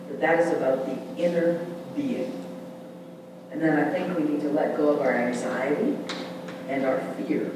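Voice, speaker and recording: Animated preacher in echoey church hall. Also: male voice, on the high side, moderate pace, recorded from a distance, background noise. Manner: animated, call-and-response preaching. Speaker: pastor. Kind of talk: sermon. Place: large church sanctuary.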